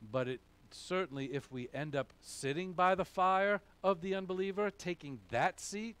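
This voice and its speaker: Man, pastor, sermon, emphatic, asks and answers own questions, fairly high voice. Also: moderate pace, a bit bright, smooth.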